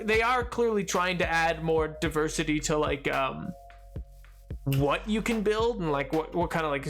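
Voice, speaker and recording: A man with a high-pitched voice chats loosely while livestreaming a game. He rambles from thought to thought and breaks into laughter often, with faint music playing underneath. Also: a bit bright. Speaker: streamer.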